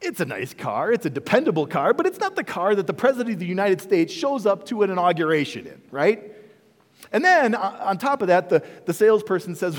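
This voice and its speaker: A man preaching a sermon as pastor, telling the story with animated delivery and acting out bits of dialogue. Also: sits high, fairly quick. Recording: echoey hall with long reverb.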